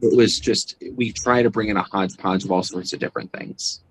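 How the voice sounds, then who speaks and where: Casting: low-voiced man, easygoing guest, rambling interview chatter. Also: steady tone, a little fast, a little hiss or hum, rough recording. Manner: chatty, rambling with fillers and restarts. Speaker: guest, psychic medium and convention organizer. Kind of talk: casual interview chat.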